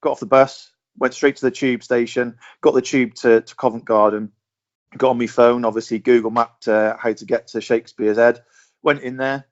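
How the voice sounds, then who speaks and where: A man's voice: medium pitch, fairly even intonation, normal speed. A man with a southern English accent spinning a loose, rambling anecdote on a fan podcast. His voice sits in an ordinary middle register and comes through a slightly muffled, lo-fi call line. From southern England. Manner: rambling, repeats words, chatty. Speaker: podcast panelist. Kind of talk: casual storytelling chat.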